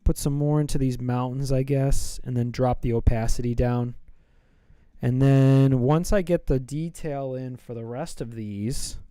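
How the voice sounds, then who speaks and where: A man's voice: mid-range voice, steady tone, measured pace, dark tone, smooth, no room sound. A man chatting casually on a live stream while he draws, rambling and playful as he thinks aloud.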